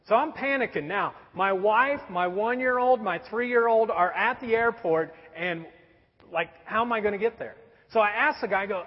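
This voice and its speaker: A man in his forties with a voice that sits high speaks at a moderate pace. He's a pastor telling a story during a sermon, with conversational, wry humor. The recording sounds dull, with long hall reverb.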